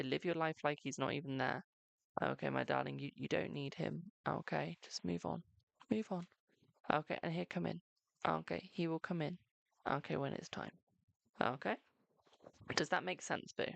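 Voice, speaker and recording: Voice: mid-range voice, steady tone, normal speed, gravelly, long pauses, a bit bright, no echo. A live-stream host doing tarot readings in a chatty, reassuring way, calling viewers "my darling" and leaning on "okay" between lines. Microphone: close microphone.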